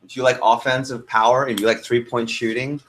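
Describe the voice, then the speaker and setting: A man's voice: medium pitch, level tone, brisk, fairly bright tone, slight background noise, rough recording. A young man, a sales trainer, teaching a workshop room and telling a story, asking the audience questions as he goes.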